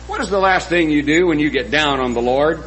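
A man's voice: on the high side, brisk, a bit bright, slight background noise, rough recording. A middle-aged man preaching a sermon, earnest and folksy, often asking the congregation questions.

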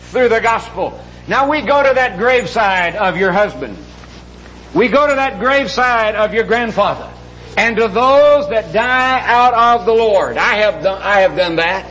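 A middle-aged man preaching a sermon, slowly drawing out scripture and then rushing through quick asides. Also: very high-pitched, bright, forceful tone, a little hiss or hum, poor audio.

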